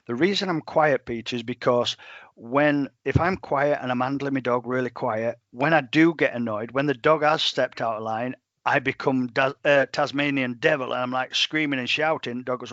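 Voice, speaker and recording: A man's voice: mid-range voice, moderate pace, fairly bright tone, dry recording, muffled recording. A man with an English accent, a professional gun dog trainer talking in a casual interview, blunt and plain-spoken, often quoting what he tells clients. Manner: blunt, plain-spoken, quotes himself a lot.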